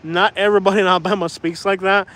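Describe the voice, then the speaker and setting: A man's voice: high-pitched, flat delivery, fast, a bit bright. A man chatting casually on a livestream, rambling and laughing as he talks. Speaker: vlogger, livestream host.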